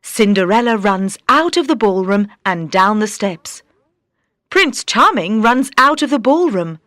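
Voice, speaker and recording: A woman reads a fairy tale aloud for English learners, slowly and carefully. Her high, bright voice moves up and down expressively, and the recording is close and dry. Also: no echo. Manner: slow, clear, expressive. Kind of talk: slow storybook narration for beginners.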